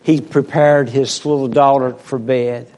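A preacher delivering a sermon slowly and deliberately, swelling to loud emphasis and dropping to a hush. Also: male voice, mid-range voice, steady tone. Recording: long reverb of a large hall.

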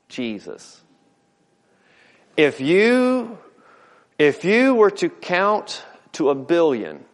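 A middle-aged man preaching a sermon as a pastor, folksy and earnest, often repeating words and stacking alliterative phrases. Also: medium pitch. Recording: long hall reverb.

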